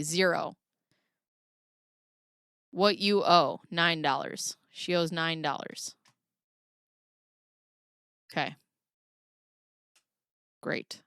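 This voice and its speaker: A woman's voice: fairly low pitch, slow pace, long pauses, a bit bright, smooth, no echo, studio quality. A woman hosting a casual commentary show, reading documents aloud and adding sarcastic remarks. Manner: sarcastic, reads texts aloud with wry asides. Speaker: commentary channel host.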